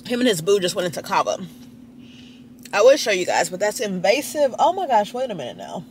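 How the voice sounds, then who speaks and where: Filming herself at a restaurant and people watching, this young Dallas woman, a lifestyle vlogger, gossips chattily to her phone. She talks fairly quickly with big, swooping pitch swings, and there's a little hiss or hum in the recording.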